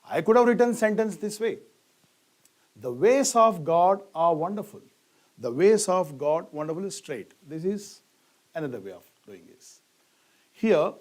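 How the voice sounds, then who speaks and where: A middle-aged man teaches grammar at a slow, measured pace. His voice sits a little higher than most men's. He puts questions to the class, answers them himself and hits the key words hard. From India.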